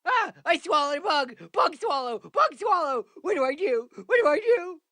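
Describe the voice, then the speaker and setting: A frantic, shrieking bug-swallower, as a man puts on a silly voice, squealing very high and swooping wildly up and down. The sound is dry and close. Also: big pitch swings, moderate pace, pushed and bright, no echo, full character voice. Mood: panicked. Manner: shrill, frantic. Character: panicky squealing person who swallowed a bug.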